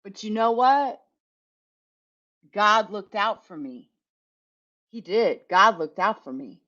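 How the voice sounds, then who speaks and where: Speaking slowly in a mid-range voice that is pushed and bright with lively intonation, a middle-aged tech channel host from the United States chats casually about her job. Her story is frank and full of swearing, broken up by frequent laughter, and the lo-fi recording sounds dull.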